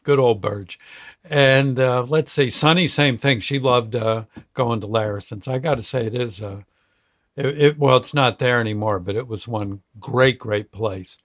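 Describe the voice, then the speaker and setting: A man's voice: mid-range voice, a little slow, a bit bright. A man in his sixties hosting his own show, telling a family memory in a rambling, folksy way, chuckling between phrases. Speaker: show host. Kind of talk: casual storytelling monologue.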